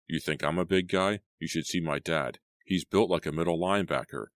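A man's voice: low-pitched, brisk, no room sound, clean studio sound, lightly acted. A man voicing a big, anxious teenage boy who talks in a snappish, nervous way.

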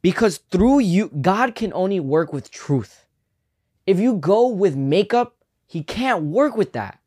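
A man's voice: sits high, very animated, darkish tone. A young man co-hosting a casual faith podcast, speaking earnestly and reflectively. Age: young adult. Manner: earnest, reflective, quick to affirm. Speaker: podcast co-host.

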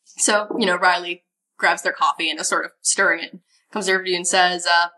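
A woman narrating as game master of a tabletop role-playing game in a relaxed, chatty way. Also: fairly low pitch, a little fast, recorded from a distance.

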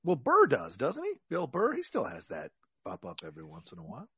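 A man's voice: mid-range voice, fairly quick, slightly rough, no room sound. A man co-hosting a podcast, chatting casually about movies and telling stories in a rambling, profane way. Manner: animated, profane, rambling storyteller. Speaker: podcast co-host.

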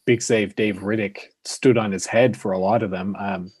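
A man's voice: lowish voice, fairly even intonation, normal speed, darkish tone, slightly rough, dry recording. Rambling casual man, dry close sound. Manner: rambling, lots of fillers and restarts. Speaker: podcast co-host. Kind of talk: casual hockey chat.

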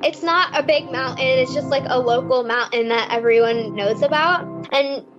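Speaking at a moderate pace in a high voice, a 19-year-old Californian shares a heartfelt account of her time volunteering for the climate. Music runs beneath the muffled audio.

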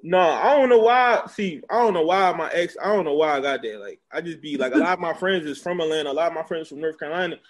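A man's voice: fairly high pitch, fast talker, few pauses. A young man with a Philadelphia accent, a music promoter chatting casually as an interview guest, rambling with lots of fillers. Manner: laid-back, filler-heavy rambling.

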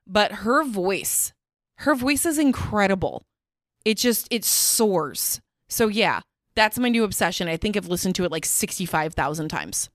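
A woman's voice: medium pitch, fairly bright tone, dry recording, clean studio sound. A blunt, profane woman podcast host. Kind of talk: frank casual chat.

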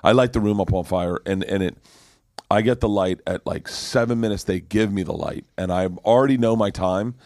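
A middle-aged man, a comedian guest, telling a story in casual, profane, animated chat. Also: fairly low pitch, brisk, dry recording, clean studio sound. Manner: profane, animated, acts out quotes.

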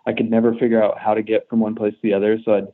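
A man's voice: fairly low pitch, little pitch movement, rapid-fire, phone-quality sound. A man from Kansas, a musician guest on a podcast, telling stories in a rambling, profane, self-deprecating way with many restarts. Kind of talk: casual storytelling chat.

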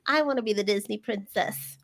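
A woman's voice: mid-range voice, normal speed, creaky, crowd noise. A young woman co-hosting a podcast, playful and giggly in casual chat. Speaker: podcast co-host.

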